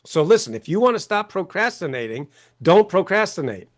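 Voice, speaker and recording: A man whose voice sits high, sing-song and brisk, speaks as a guest on an interview show. He's an author and coach, and in this animated talk he's emphatic, acts out quoted voices, and keeps asking "right?".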